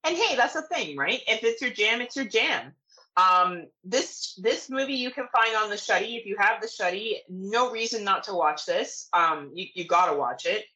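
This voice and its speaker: A woman's voice: medium pitch, animated, moderate pace, sharp tone, low-quality recording. A young woman from Canada co-hosting a horror podcast, chatting casually, playful and crude, often laughing. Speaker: podcast co-host. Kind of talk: casual chat.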